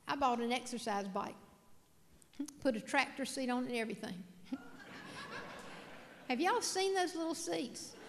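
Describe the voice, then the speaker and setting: A woman's voice: sits high, normal speed, pauses often, big-room sound, a little hiss or hum. A middle-aged woman giving a humorous keynote speech, telling folksy, self-mocking stories and putting questions to the audience. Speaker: motivational speaker. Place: large hall with a live audience.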